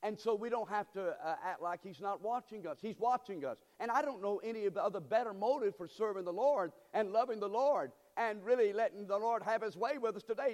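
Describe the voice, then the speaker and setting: A man preaching a sermon as pastor, swinging between calm teaching and sudden loud, emphatic bursts. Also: high-pitched, normal speed, in a large hall. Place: church sanctuary.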